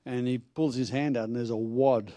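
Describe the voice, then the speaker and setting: Itinerant preacher, male, mellow tone, animated storyteller voicing his own quotes. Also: mid-range voice, normal speed. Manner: animated storyteller, acts out quotes, laughs often. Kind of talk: storytelling sermon.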